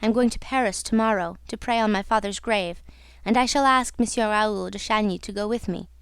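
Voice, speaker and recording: A woman's voice: medium pitch, fairly quick, clean tone, no echo, studio quality, lightly acted. A woman reading an audiobook, voicing a young female opera singer who confides her story in an earnest, wistful way.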